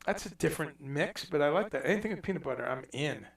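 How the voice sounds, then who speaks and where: Animated middle-aged man, echoey and distant. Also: fairly high pitch, fast, gravelly. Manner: animated, rambling, reads viewer comments aloud. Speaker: host. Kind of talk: casual livestream chat. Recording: echoey room, far from mic.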